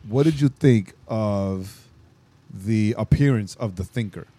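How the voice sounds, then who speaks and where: A man co-hosting a podcast in casual chat, jokey and quick to riff and finish the other's sentences. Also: fairly low pitch, mellow, dry recording. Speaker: podcast co-host.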